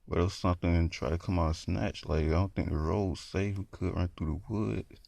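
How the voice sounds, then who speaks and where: A man quoting a cautious friend who argues against a plan, in his own low voice. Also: fairly even intonation, normal speed, vocal fry, darkish tone, dry recording. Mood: doubtful. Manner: arguing, cautious.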